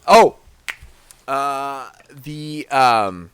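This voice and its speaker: A man's voice: mid-range voice, moderate pace, a bit bright, slight background noise. A man hosting a podcast in casual chat, joking and thinking aloud with lots of fillers. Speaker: podcast host.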